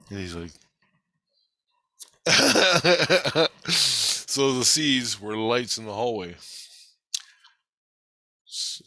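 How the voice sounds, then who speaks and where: Male, lower voice with a sharp edge, dry close sound; agitated, profane, rambling spiritual monologue. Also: dry recording. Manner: heavy swearing, agitated and rambling. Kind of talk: casual spoken monologue recounting a spiritual experience.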